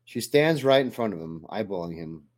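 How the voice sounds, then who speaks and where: A man narrating a first-person audiobook in a steady, even storytelling manner. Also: lowish voice, normal speed.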